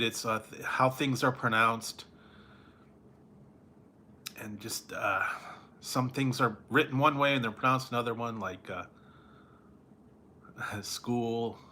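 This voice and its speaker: A tired man chatting on a late-night stream, drawing out his words at an unhurried pace with a bright, forward tone. He rambles and chuckles between thoughts. A faint hum of background ambience sits under his voice. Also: mid-range voice. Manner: rambling, chuckling often, drawn-out slow delivery. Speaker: food reviewer chatting with live viewers. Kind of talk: casual late-night livestream chat.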